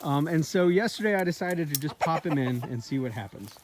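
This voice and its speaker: A man's voice: on the high side, expressive, brisk. A man chatting casually about his farm while walking the pasture and talking fondly to his chickens. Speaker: farmer and video host. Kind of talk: casual walk-and-talk vlog. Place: outdoors in a pasture. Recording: outdoor farm recording with noisy background. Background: chickens clucking and roosters crowing.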